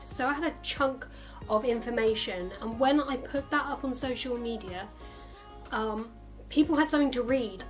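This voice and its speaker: A young adult woman vlogging casually to camera in a chatty, upbeat way, acting out the lines of other people now and then. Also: fairly high pitch.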